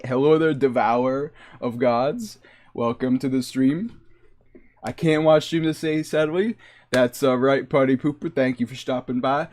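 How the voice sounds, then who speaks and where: A man's voice: mid-range voice, lively intonation, normal speed, darkish tone. A man from the Boston area chatting casually and jokingly on a livestream into a desk microphone. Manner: rambling and joking. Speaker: streamer.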